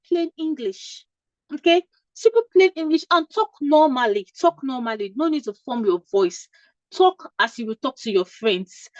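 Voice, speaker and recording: A woman's voice: high-pitched, dry recording, highs cut off. A woman from Nigeria giving informal interview advice to nurses, emphatic and repeating her points with frequent "okay?" checks. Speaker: career coach for nurses.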